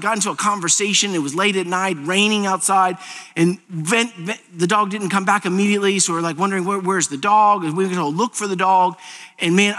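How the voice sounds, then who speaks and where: A man gives a sermon in a church sanctuary, his voice sitting high and sounding bright and forceful. He swings between loose, humorous storytelling and intense, impassioned preaching. The room adds a long, echoing reverb. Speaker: senior pastor.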